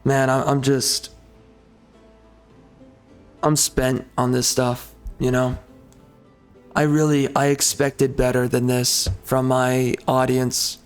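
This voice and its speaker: A man hosting a gaming channel, venting in an angry, profane rant with halting restarts and frequent swearing. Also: mid-range voice, flat delivery, clear, resonant tone, soft background music. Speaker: gaming channel host and author. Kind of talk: frustrated rant over gameplay.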